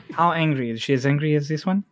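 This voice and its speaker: A man's voice: a little high, animated, fairly quick, dry recording, soft background music. A man narrating as game master in a casual tabletop session, laughing often and swearing freely.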